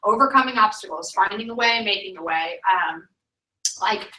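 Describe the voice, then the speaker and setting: Bright, emphatic woman coaching a room. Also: medium pitch, moderate pace. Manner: emphatic, chatty, peppered with "like". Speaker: sales director training new consultants. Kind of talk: motivational training talk. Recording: echoey room, mic at a distance.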